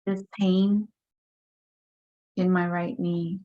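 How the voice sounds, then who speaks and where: Woman, low flat voice, unhurried guided tapping script, measured repeated phrases. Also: highs cut off. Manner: slow, measured affirmations voicing frustration. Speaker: EFT tapping practitioner.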